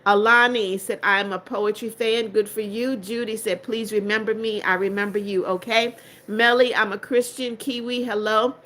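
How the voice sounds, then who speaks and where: A woman's voice: medium pitch, fairly even intonation, normal speed, fairly bright tone. Older lady on a livestream, all congested, reading comments out and talking back to them, pretty blunt. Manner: chatty and blunt, answers comments one by one. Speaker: livestream host. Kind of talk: reading viewer comments aloud.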